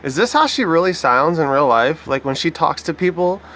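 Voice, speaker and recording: A man's voice: on the high side, very animated, normal speed, a bit bright. A man giving sarcastic, profane commentary over a news clip. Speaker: online commentator.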